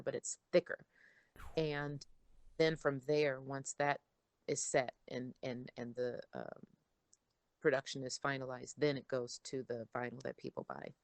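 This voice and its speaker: A middle-aged woman as an interview guest, chatting casually and telling animated stories. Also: extremely low pitch, unhurried, no room sound. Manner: animated storyteller, acts out her father's voice. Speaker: interview guest, daughter of a songwriter.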